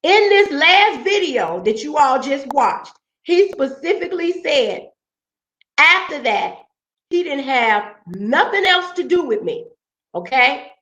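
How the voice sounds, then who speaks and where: This high-pitched woman tells her side of the story in a blunt, confrontational rant, swearing freely and pausing to ask her listeners "okay?". The room rings with echo, and the sound is dull and lo-fi. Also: big pitch swings, a bit bright. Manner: blunt, profane, keeps asking "okay?". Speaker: vlog host.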